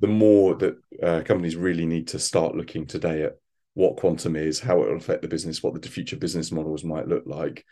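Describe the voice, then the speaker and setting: A man speaking as an expert guest in a conversational interview, thoughtful and halting, with frequent restarts. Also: sits low, fairly even intonation, dark tone. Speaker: quantum computing expert guest.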